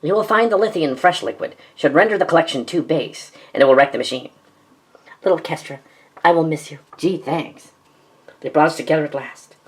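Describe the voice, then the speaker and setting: Woman with a deep voice, reads every part of a fan drama, sarcastic and melodramatic. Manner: quick-switching, sarcastic, melodramatic. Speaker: narrator and voice actor. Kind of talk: fan audio drama, reading many parts.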